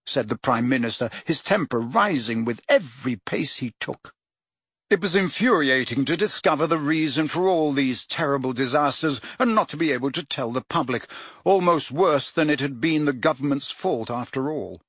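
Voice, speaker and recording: Expressive male audiobook narrator. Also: on the high side, normal speed, breathy edge, no room sound, studio quality. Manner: expressive, theatrical reading.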